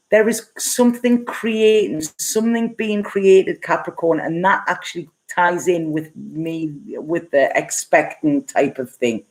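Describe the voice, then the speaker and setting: A middle-aged woman with a voice on the low side gives a casual live tarot reading, answering viewer comments at a measured pace with few pauses. She is chatty and rambling, laughs often, and uses plenty of fillers.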